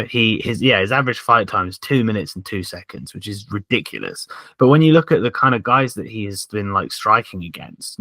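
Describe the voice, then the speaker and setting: A man with a lowish, bright voice talks in a loose podcast chat. He hedges and fills his pauses with likes and ums. The recording is dry. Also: no room sound. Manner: hedging, filler-heavy talk with many likes and ums. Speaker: podcast co-host.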